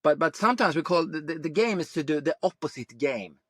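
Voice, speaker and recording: A man's voice: a little high, lively intonation, brisk, fairly bright tone, breathy edge, no room sound, clean studio sound. A man from Sweden, a guest on a podcast interview, reflective and plain-spoken, who swears casually.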